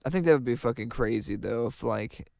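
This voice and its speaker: A young man co-hosting a crude comedy podcast, asking rambling, halting questions full of restarts and swearing. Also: medium pitch, creaky, a little mellow, no echo, studio quality. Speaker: podcast co-host.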